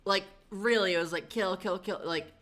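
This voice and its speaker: A woman's voice: mid-range voice, normal speed, a bit bright. A woman streamer telling a story in a casual, chatty way, swearing often and filling with "like" and "um".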